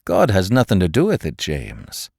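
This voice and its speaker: A man's voice: sits low, huge pitch swings, a little mellow, no echo, clean studio sound, heavily acted. A man doing a cold, sadistic interrogator. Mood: mocking cruelty. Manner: cold, mocking, slow and menacing. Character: cold, sadistic male interrogator, middle-aged.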